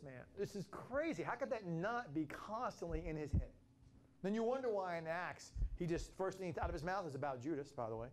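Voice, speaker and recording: A man's voice: high-pitched, darkish tone, a little hiss or hum. Impassioned male preacher. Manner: impassioned, with frequent restarts and dramatic quotes. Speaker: pastor. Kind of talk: sermon.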